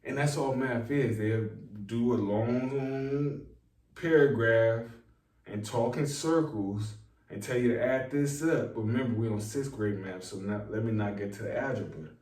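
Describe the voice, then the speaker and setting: A man talking to his viewers in a slow, preachy, rambling monologue, repeating lines for emphasis. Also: mid-range voice, darkish tone, recorded from a distance. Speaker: online self-help talker. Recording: echoey room, voice set back from the mic.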